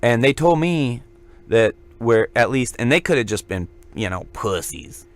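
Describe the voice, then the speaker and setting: A man's voice: mid-range voice, animated, a little slow, no room sound. A man co-hosting a casual podcast, telling a long joking anecdote in a rambling way. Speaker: podcast co-host. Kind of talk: casual storytelling.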